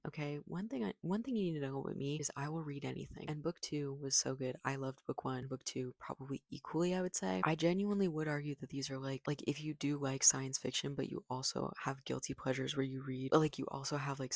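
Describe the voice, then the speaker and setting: Gushing, vocal-fry book vlogger. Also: medium pitch, no echo, studio quality. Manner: gushing, rambling, heavy use of "like". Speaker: book reviewer. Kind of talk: casual book review vlog.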